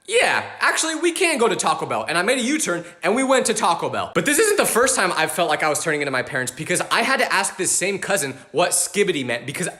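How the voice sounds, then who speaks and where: Young guy in his 20s doing quick comedy stories, voice jumps all over the place, kinda high for a dude, jokey and self-roasting. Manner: animated, jokey, self-mocking. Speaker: comedic storyteller. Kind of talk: scripted comedic storytelling.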